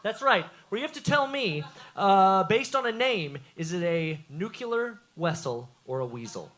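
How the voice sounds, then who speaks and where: A man's voice: sits high, expressive, measured pace, fairly bright tone. A man hosting a live late-night comedy talk show, running a silly game with playful teasing patter. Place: small live comedy venue with audience. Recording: live room with audience crowd noise.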